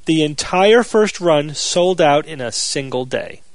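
A man hosting a casual podcast chat, explaining things in a measured way. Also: fairly high pitch, animated, no room sound. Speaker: podcast host.

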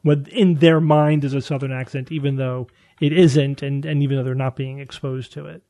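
A man's voice: medium pitch, steady tone, moderate pace, mellow, no room sound. A man hosting a casual science chat, explaining findings at length with frequent restarts and fillers.

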